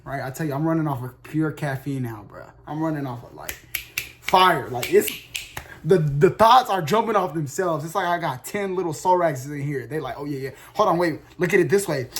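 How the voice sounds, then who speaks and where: A young man telling a rambling story to his viewers, casual and slangy, swearing a lot, with sudden loud shouts and laughs. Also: a little high.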